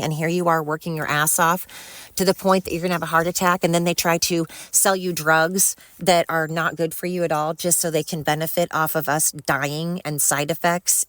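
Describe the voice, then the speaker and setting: A woman's voice: lowish voice, dry recording. A middle-aged woman hosting a solo podcast, rambling and heartfelt, swearing freely as she vents and then thanks her listeners. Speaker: podcast host.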